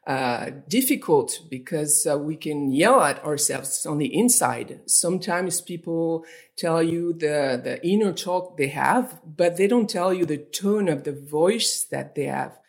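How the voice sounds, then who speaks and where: A woman therapist with a French accent, speaking as a podcast guest in a measured way with thoughtful hesitations. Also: low-pitched, expressive, vocal fry, darkish tone.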